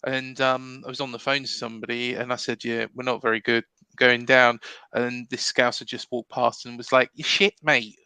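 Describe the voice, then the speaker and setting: A man's voice: mid-range voice, completely flat delivery, normal speed, bright, forceful tone, clear, resonant tone, no echo. A man taking part in a casual online quiz, trading jokey banter and anecdotes. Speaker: quiz contestant.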